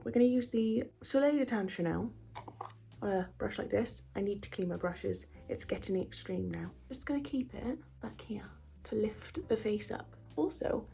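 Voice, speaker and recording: A woman talks through a makeup tutorial in a put-on American accent, chatty and quick to tease herself. Her voice is warm and mellow, and she slips into whispers now and then. Faint music plays underneath. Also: medium pitch, creaky, slightly rough. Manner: chatty, self-teasing, drifts into whispers. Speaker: beauty vlogger. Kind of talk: casual makeup tutorial chat.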